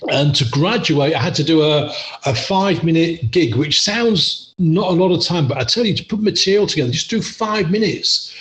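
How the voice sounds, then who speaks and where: A man's voice: on the high side, expressive, moderate pace, a bit bright, echoey room. A middle-aged English man, a podcast guest, telling stories in a chatty, self-deprecating way and laughing often. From England. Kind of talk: casual storytelling interview.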